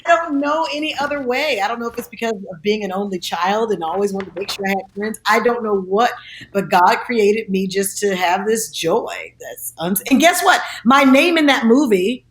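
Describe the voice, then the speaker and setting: A woman, an actress and singer, telling lively stories in an interview and acting out the quotes. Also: medium pitch, moderate pace, echoey room, a little hiss or hum. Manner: animated, acts out quotes with laughs.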